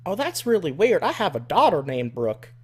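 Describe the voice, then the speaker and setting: A man voicing a flustered redneck woman caller with an Arkansas accent, talking slowly and accusingly and repeating herself. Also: high voice, big pitch swings, slightly rough, voice pushed up, exaggerated voice. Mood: insistent.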